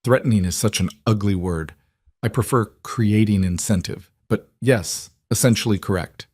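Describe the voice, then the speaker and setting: Guy reading an older mob boss, cold and amused, low dry voice. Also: slightly rough, no echo. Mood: menacing. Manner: calm, measured threats. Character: older male crime boss, coldly amused and menacing.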